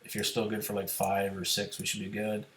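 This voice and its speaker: A poker streamer chats casually with his viewers during an online game, thinking aloud about hands and chip stacks. His fairly low, fairly bright voice is brisk and monotone, recorded in a roomy space with slight background noise.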